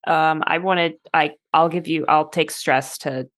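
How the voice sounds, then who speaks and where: A woman playing in a tabletop game, talking in a quick, matter-of-fact way. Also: deep voice, fairly even intonation, a bit bright. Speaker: player. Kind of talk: casual tabletop chat.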